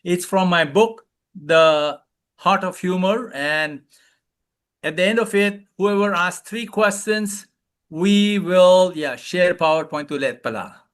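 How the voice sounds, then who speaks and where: A man coaching a live webinar, loud and playful, calling out repeated commands and leading laughter exercises over a video call. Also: sits high, slow pace, clean tone. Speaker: wellness coach, webinar speaker.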